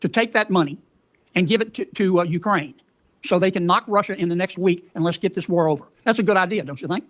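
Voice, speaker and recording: Man, high voice, folksy drawl, leading questions, hearing-room questioning. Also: quick pace, fairly bright tone.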